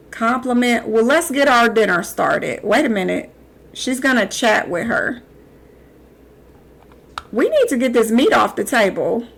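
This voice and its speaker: A young adult woman streaming live, giving animated gameplay commentary and talking back to the characters on screen. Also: fairly high pitch.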